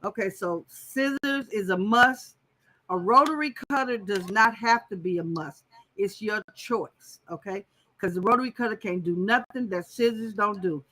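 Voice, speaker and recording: A woman's voice: medium pitch, moderate pace, pushed and bright, low-quality recording. A woman hosting a casual live-stream quilting tutorial, chatting straight to her viewers as she goes.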